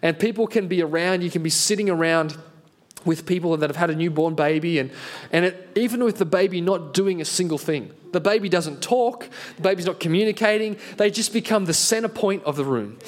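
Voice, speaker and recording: A man preaching a sermon as pastor, earnest and animated, telling a self-deprecating story. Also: high-pitched, a little fast.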